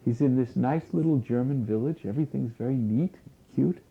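A man giving a spiritual lecture in a slow, deliberate way, repeating key phrases for weight. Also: mid-range voice, creaky. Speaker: spiritual teacher. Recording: tinny phone-like lo-fi recording.

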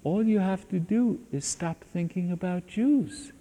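A man's voice: sits high, measured pace, mellow, voice pushed up. A man voicing a puzzled middle-aged army general who asks bewildered questions, in an echoey hall.

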